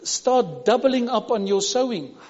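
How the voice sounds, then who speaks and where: A South African man preaching a sermon as pastor, emphatic and repetitive, now and then dropping to a hush. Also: very high voice, lively intonation, measured pace, long reverb tail, dull audio.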